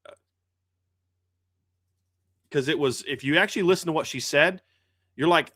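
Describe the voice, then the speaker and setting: A man's voice: a little high, moderate pace, long pauses, sharp tone, no room sound, studio quality. A man hosting a sports podcast, ranting in a heated, indignant way and often restarting his words. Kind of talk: casual podcast rant.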